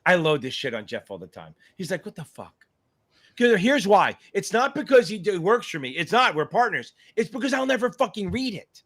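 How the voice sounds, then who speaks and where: Lively, profane man hosting a live Q&A. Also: sits high, a little fast, hardly any pauses. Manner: animated, profane, hypes up viewers; scattered, thinks aloud while reading comments. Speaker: exam tutor hosting a live Q&A. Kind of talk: casual livestream chat.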